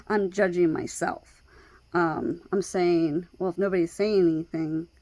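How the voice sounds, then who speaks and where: A woman vlogging in casual personal talk, hesitant, with many pauses, fillers and restarts. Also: fairly low pitch, darkish tone, dry recording. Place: outdoors at night by her door.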